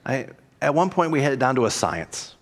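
A man's voice: mid-range voice, big pitch swings, a little fast. A man, a pastor, delivering a reflective sermon and voicing quoted dialogue expressively.

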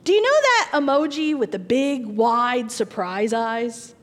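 A woman pastor delivers a sermon in a church, high-voiced and full of lively pitch swings. She tells stories with animation and laughs at her own jokes. Long reverb fills the hall. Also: measured pace. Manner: animated storytelling, laughs at punchlines.

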